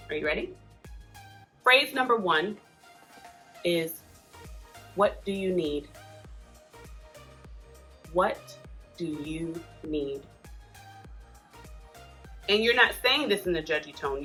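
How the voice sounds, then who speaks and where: A woman's voice: medium pitch, sharp tone. A woman hosting a casual advice talk, speaking in a chatty, earnest way with frequent asides. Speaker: host giving parenting support advice.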